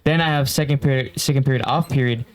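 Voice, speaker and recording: A man's voice: medium pitch, fairly even intonation, fast talker. Joking teenage guy in casual chat. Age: late teens. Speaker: student co-host.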